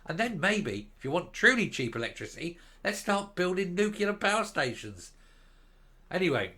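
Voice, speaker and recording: Older man ranting, bright voice. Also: high voice, very animated, moderate pace. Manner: indignant, sarcastic, blunt and crude. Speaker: political commentator. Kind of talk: ranting online commentary.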